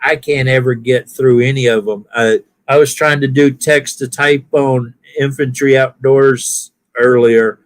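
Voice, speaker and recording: Older man, Southern-Californian mixed accent, slow rambling chatter, easygoing. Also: mid-range voice, fairly even intonation. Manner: rambling, self-correcting, easygoing. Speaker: viewer chatting on a live stream. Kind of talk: casual chat.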